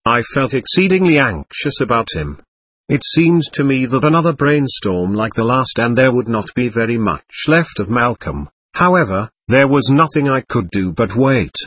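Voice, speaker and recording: Husky male audiobook narrator. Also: medium pitch, big pitch swings, a bit bright, dry recording. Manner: measured first-person storytelling. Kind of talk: scripted narration.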